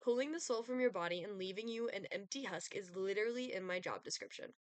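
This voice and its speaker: A woman's voice: medium pitch, lively intonation, fast, smooth, dry recording, lightly acted. Woman doing a male Grim Reaper, pompous, game dialogue, theatrical menace, dry sound. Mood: haughty. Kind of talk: dramatic reading of game dialogue.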